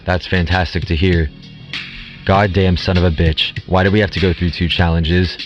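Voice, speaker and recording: A man's voice: sits low, flat delivery, moderate pace, muffled recording, over music, natural voice. A man voicing a glum young male contestant who grumbles and whines, in a comedic audio drama. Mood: grumbling.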